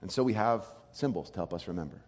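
A man preaching a sermon as pastor, animated, acting out quoted voices. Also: low-pitched, quick pace, husky, big-room sound.

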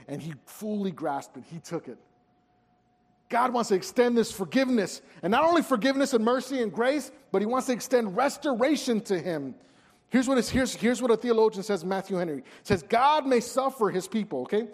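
A man preaching a sermon in an earnest, pleading way, pushing hard at some moments and dropping soft at others. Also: sits high, lively intonation, brisk. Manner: earnest, pleading, rises and drops in intensity. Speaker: pastor. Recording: hall reverb.

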